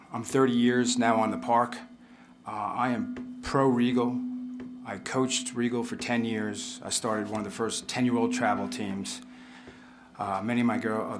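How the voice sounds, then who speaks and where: Halting middle-aged man at a town meeting. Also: mid-range voice. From River Edge, New Jersey. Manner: halting with restarts, then emphatic. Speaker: resident speaking at public comment. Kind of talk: public meeting comment. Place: council meeting room.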